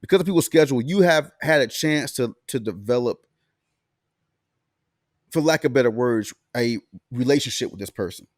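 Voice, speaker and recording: Podcast co-host from Alabama, lively pitch, dry close sound, loose profane storytelling. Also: male voice, normal speed, long pauses, no room sound. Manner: laid-back, profane storytelling with laughs. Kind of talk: casual chat.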